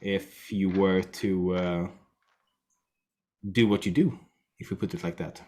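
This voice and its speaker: A man voicing a brisk, dry female coffee-shop owner, measured and slightly stern. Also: low-pitched, fairly even intonation, darkish tone.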